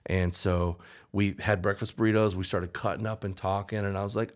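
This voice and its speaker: A man's voice: fairly low pitch, fairly even intonation, normal speed, clear, resonant tone. A male songwriter telling a story in casual chat, acting out the people he quotes. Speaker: songwriter guest.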